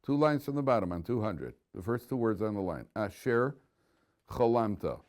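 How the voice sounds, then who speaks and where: A man's voice: lowish voice, very animated, fast, a little mellow. A man giving an informal Torah class, a chatty storyteller who chuckles at his own punchlines. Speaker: rabbi teaching a Torah class. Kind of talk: informal Torah lecture with stories.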